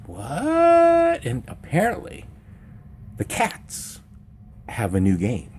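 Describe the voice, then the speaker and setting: A man telling a funny true story in a rambling, animated way, breaking into sudden high meows and sound effects. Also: a little hiss or hum. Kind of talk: comedic personal storytelling.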